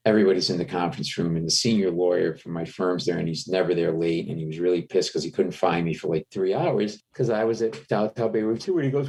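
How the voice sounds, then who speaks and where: A middle-aged man, a comedian, telling an animated anecdote in a podcast interview, jumping into raised voices for the people in his story. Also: sits low, fast talker, few pauses, slightly rough. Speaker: comedian guest.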